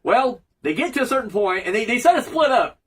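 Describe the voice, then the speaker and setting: A man's voice: very high voice, very animated, fast, fairly bright tone, breathy edge, low-quality recording. A man giving a rambling, profane, joking casual recap of a cartoon episode as a reviewer.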